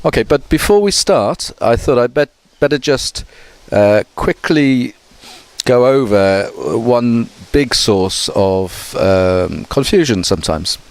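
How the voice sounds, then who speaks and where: A man, a teacher, giving an online mini lesson. He talks slowly and carefully, with many hesitant fillers. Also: mid-range voice, animated, clear, resonant tone, dry recording. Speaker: English teacher.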